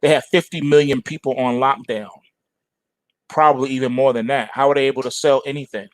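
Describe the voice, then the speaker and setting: A man hosting a casual stock market show, ranting in animated, slangy asides. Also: medium pitch, fairly quick, no echo.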